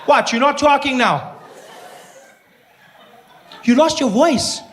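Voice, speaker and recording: A man voicing an excitable, chatty male fan who fires off rapid slangy questions, in a live comedy set. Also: very high-pitched, voice pushed up, exaggerated voice. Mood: excited. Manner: slangy, rapid questions, calls everyone bruh. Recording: live club with crowd laughter.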